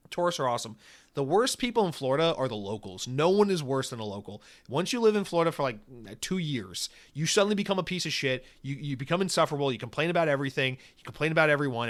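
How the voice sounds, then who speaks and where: A young man hosting a solo podcast, rambling and swearing as he tells stories and rants. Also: fairly high pitch. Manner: rambling, profane, animated storytelling. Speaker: podcast host. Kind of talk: casual solo podcast rant.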